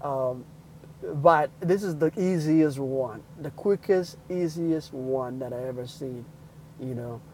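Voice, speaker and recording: A young man telling a personal story in a casual livestream, excitedly acting out the people in it. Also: medium pitch, takes it slowly, slight background noise, rough recording. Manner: excitable, acts out quotes loudly. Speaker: livestream host.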